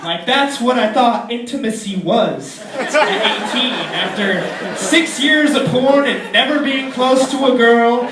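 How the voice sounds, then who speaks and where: A young man in his twenties doing a crude, rambling stand-up routine in a comedy club, often slipping into squeaky put-on voices. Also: lively intonation, unhurried. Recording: echoey club with loud crowd, distant mic.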